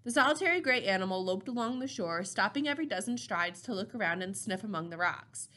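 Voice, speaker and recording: A woman narrating a novel chapter in a steady, measured reading voice. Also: medium pitch. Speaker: audiobook reader.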